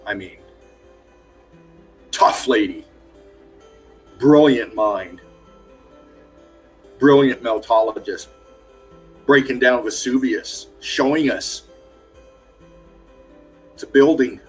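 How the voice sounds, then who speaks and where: Effusive man giving shout-outs. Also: mid-range voice, slow, pauses often. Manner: effusive, calls viewers darling, laughs often. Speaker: livestream host. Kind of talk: casual livestream shout-outs. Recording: faint music behind.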